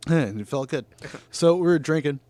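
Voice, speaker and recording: A northern California podcast host with a slightly high voice talks a little fast, with no room sound. In this casual chat he swears freely, laughs a lot, and tells stories with animated energy.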